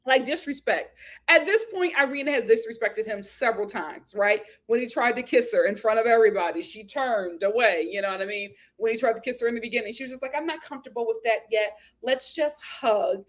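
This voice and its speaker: A woman host giving a casual, gossipy recap of a reality show, animated and laughing often as she acts out what people said. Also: a little high, quick pace.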